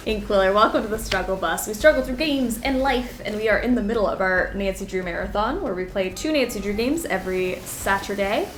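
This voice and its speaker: A woman's voice: mid-range voice, brisk, hardly any pauses, echoey room, soft background music, poor audio. A woman streaming a puzzle game, chatting casually and thinking aloud as she solves it. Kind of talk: casual gameplay commentary.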